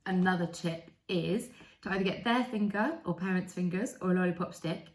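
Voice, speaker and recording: A woman's voice: lowish voice, darkish tone. Woman explaining speech sounds, echoey room. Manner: demonstrates speech sounds slowly and clearly. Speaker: speech and language therapist. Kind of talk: instructional explainer.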